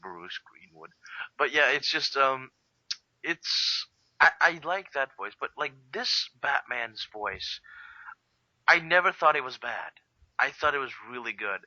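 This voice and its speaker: An excitable man in casual conversation, jumping into acted-out quotes. His voice is bright and piercing, and the dry, close recording sounds a little muffled. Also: medium pitch, a little slow, no echo. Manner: excitable, acts out quotes in a raised voice. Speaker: co-host of a game review discussion. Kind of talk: casual chat.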